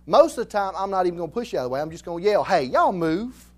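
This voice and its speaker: A Southern man from Alabama preaches in a high, light voice. His sermon feels like easy talk, full of homespun jokes, and he drives his points home by saying them again and again. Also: lively intonation, very fast, a little mellow. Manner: folksy, joking, repeats phrases for emphasis. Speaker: pastor. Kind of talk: conversational sermon.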